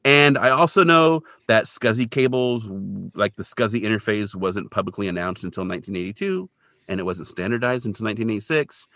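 A man talks through an old TV episode in a loose, chatty way, slipping into quick voices for the characters. His pitch jumps around a lot and his tone is bright and forward. The sound is dry and close, with no room around it. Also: expressive, dry recording. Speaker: podcast co-host recapping an episode. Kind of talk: casual chat.

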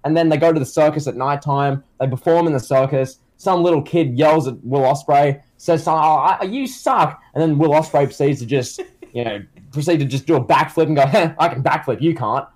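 A man's voice: a little high, fairly even intonation, fairly quick, darkish tone. A man co-hosting a casual comedy chat who tells rambling stories full of fillers and restarts. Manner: rambling, filler-heavy storytelling. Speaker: co-host.

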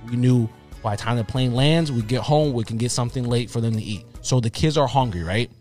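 Animated man telling a story. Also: mid-range voice, brisk, faint music behind. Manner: animated, acts out quotes in his story. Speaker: podcast co-host. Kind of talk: casual storytelling chat.

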